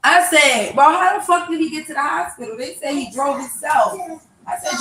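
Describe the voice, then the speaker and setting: A young woman telling a loud, brash, profane story in a casual vlog at home. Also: high-pitched, normal speed. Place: home with children nearby. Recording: echoey room, faint noise.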